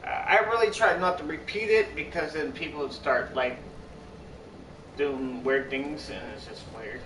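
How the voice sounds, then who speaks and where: A man's voice: a little high, unhurried, noisy background. A young man live-streaming, chatting casually to his viewers in a rambling, repetitive way that keeps restarting its sentences. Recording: echoey room, far from mic.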